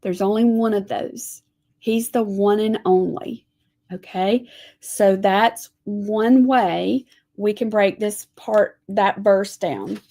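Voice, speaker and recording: A woman teaching a live lettering lesson, talking gently to viewers as she draws and reads scripture. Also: mid-range voice. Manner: slow, gentle, talks to viewers while drawing.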